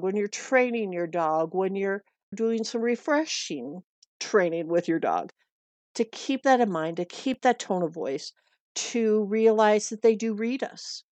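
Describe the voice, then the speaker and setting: A woman's voice: medium pitch, a little mellow, no echo. Middle-aged woman from the states chatting dog tips, earnest, keeps repeating herself, dry close sound. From United States. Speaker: dog walker giving pet tips. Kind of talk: casual advice talk.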